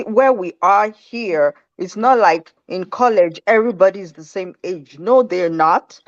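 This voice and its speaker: A woman's voice: medium pitch, dry recording. A woman from Nigeria speaking emphatically in a casual panel discussion. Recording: dull, dry recording.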